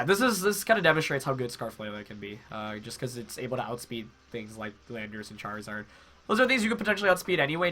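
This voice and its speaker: A man's voice: medium pitch, pushed and bright. A young man with a head cold, congested, casually commentating his own match while thinking aloud with fillers and self-corrections. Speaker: game commentator.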